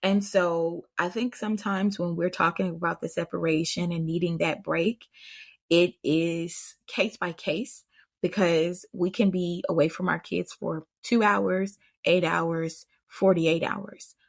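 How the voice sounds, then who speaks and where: This parenting podcast host is a woman whose low, creaky voice stays steady in tone and unhurried. Her casual advice chat leans on chatty storytelling and direct talk to her audience.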